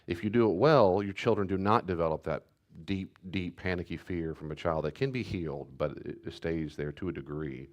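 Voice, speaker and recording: A man's voice: low-pitched, normal speed. A middle-aged man, a pastor, teaching a church class in a conversational way, repeating his key points and restarting sentences as he goes.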